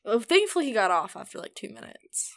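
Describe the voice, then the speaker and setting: A young woman co-hosting a casual chat, her voice a little higher than most. She keeps a faint Southern lilt and fills her stories with "like", laughing easily as she talks. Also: very animated, brisk, creaky, fairly bright tone. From Kentucky and Louisiana, US South. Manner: chatty, laughs often, many "like" fillers. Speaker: podcast co-host.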